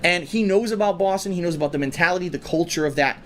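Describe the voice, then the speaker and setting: Fast, high-voiced opinionated man. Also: slight background noise. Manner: emphatic, repeats himself, swears. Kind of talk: casual chat, opinionated movie talk.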